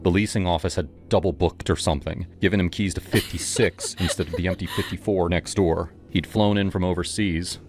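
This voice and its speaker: A man reading a scripted first-person horror story in a dramatic, tense way. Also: deep voice.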